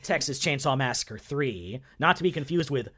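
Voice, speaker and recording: A man's voice: medium pitch, animated, normal speed, bright, forceful tone. A man co-hosting a casual movie podcast, chatty and often laughing at his own jokes. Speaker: podcast co-host.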